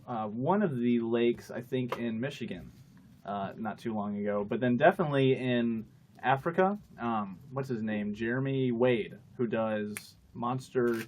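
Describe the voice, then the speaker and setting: A man's voice: medium pitch, unhurried, darkish tone. Guy hosting a loose panel show, rambly and chatty, faint hum in the room. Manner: rambling, chatty, laughs often. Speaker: show host. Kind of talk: casual group chat.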